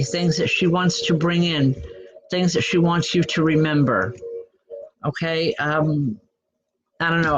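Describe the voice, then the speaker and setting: A woman's voice: low-pitched, rough recording. A woman medium giving spiritual readings to an audience, chatty and blunt, with self-deprecating asides. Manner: blunt, direct.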